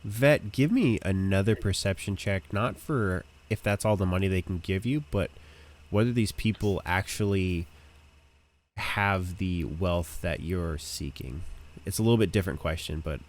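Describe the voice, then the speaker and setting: A man running a tabletop game as game master, describing scenes in detail. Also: low-pitched. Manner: descriptive, deliberate narration.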